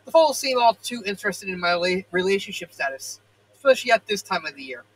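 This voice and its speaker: Brief: man voicing a soft-spoken pony schoolteacher; high, slightly husky voice. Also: sing-song, fast, heavily acted, poor audio. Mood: gentle. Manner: soft and mildly puzzled. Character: gentle adult mare schoolteacher.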